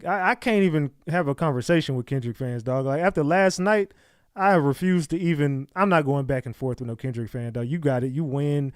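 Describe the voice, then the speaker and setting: Brief: male reaction vlogger, mocking slangy delivery, high-pitched. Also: a little fast, no echo, clean studio sound. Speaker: commentator. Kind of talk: casual reaction vlog.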